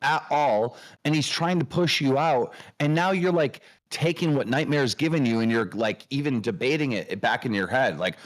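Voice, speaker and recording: A man hosting a livestream, scolding and mocking a co-host in a loud, profane rant. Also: mid-range voice, moderate pace, hardly any pauses. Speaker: show host.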